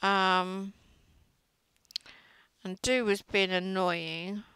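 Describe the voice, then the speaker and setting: A woman's voice: medium pitch, steady tone, extremely slow, a bit bright, clear, resonant tone, no room sound, poor audio. A middle-aged woman chatting and gossiping while she crochets, often trailing off mid-sentence. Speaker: crochet vlogger. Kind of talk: casual chat while crocheting.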